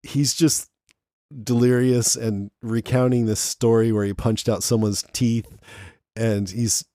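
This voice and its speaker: A man's voice: mid-range voice, fairly even intonation, takes it slowly, dark tone, no room sound, studio quality. A man co-hosting a podcast in casual chat, recapping a TV episode and acting out quotes in raised voices. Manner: acts out quotes in raised voices, laughs often. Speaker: podcast co-host.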